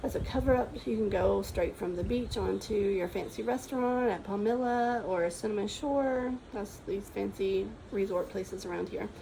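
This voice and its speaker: A woman talks through her sewing patterns in a relaxed, chatty vlog, full of ums and restarts. Her voice is mellow and slightly gravelly. A faint hiss of ambient noise sits under her speech. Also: medium pitch, moderate pace, few pauses, rough recording. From Texas. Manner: chatty, enthusiastic, many ums and trailing restarts. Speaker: sewing vlogger. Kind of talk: casual show-and-tell chat.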